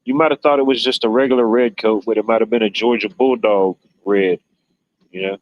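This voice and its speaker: A man's voice: lowish voice, steady tone, fairly quick, no room sound, lo-fi sound. A man hosting a livestream, chatting casually, rambling and joking with viewers. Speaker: livestream host. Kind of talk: casual chat reading viewer comments.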